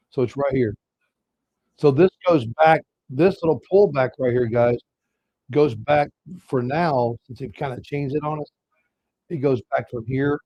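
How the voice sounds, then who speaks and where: A man's voice: medium pitch, a little mellow, no room sound, rough recording. A man hosting a live trading show, casually talking viewers through chart levels. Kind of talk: live market commentary.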